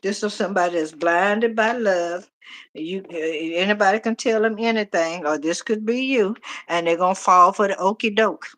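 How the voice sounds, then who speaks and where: A middle-aged woman, casually reading tarot on a live stream, animated and talking straight to viewers. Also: medium pitch, normal speed. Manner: chatty, animated, talks to viewers directly. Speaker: tarot reader.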